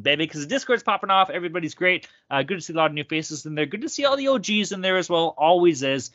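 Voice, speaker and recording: Male sports podcast host, amped and cussing, high lively voice, dry slightly dull recording. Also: fast talker, hardly any pauses, dry recording. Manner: loud, profane, hyped-up. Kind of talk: rowdy sports betting podcast banter.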